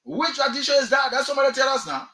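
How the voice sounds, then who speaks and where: A man's voice: very high-pitched, lively intonation, racing, pushed and bright, echoey room, poor audio. A man with a Liberian English accent hosting a radio talk show, delivering impassioned political commentary and firing off repeated rhetorical questions. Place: radio studio.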